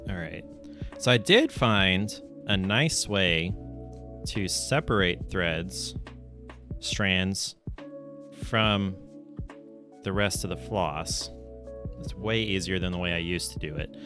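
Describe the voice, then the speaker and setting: A man's voice: sits low, lively intonation, slow pace, pauses often. A man streaming casually while he stitches, rambling along with self-deprecating asides. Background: faint lo-fi music.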